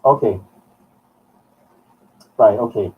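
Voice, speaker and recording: A Scottish man working as a medium on a live broadcast, talking in halting short phrases as he thinks aloud. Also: on the low side, breathy edge, recorded from a distance. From Scotland. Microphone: streaming from home. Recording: muffled sound from off the mic.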